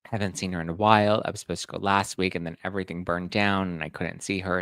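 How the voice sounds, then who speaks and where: A man's voice: sits low, level tone, quick pace, a bit bright, smooth, dry recording, clean studio sound. A man hosting a casual gossip podcast, chatting and reading out audience comments. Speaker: podcast host. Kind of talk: casual pop-culture gossip chat.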